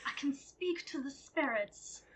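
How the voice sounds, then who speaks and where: A theatrical old psychic medium, as a woman puts her on for a comedy podcast. The voice sits high. She intones slow, hammy mystical pronouncements about spirits. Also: fairly bright tone.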